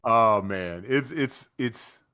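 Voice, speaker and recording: A man co-hosting a podcast in casual chat, retelling scenes with lively energy and quick asides. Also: medium pitch, smooth. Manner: animated storytelling, acts out movie lines in put-on voices. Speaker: podcast co-host.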